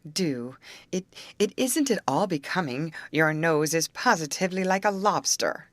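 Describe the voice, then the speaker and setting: A brisk, take-charge teenage girl, as a woman reads her in a storybook, coaxing and firm with her friends. The voice sits low for a woman and is lifted a little for the part, in a dry, close sound. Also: lively intonation, no echo. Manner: brisk and firmly cheering.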